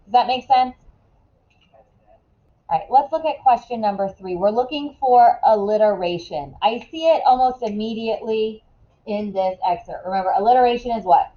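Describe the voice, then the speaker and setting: A woman teaching a classroom lesson in a casual way, asking quick questions and often checking in with "right?". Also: a little high, dull audio.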